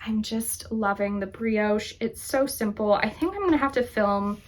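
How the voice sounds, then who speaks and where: A woman's voice: mid-range voice, measured pace. A woman hosting a knitting podcast, chatting casually and enthusiastically as she shows her projects, laughing often. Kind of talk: casual show-and-tell chat.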